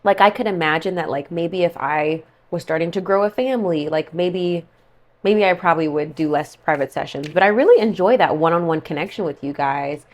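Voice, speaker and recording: A woman's voice: lowish voice, fairly quick. A woman giving a casual monthly tarot forecast, chatty and rambling, full of "like" and "okay" asides. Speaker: tarot reader.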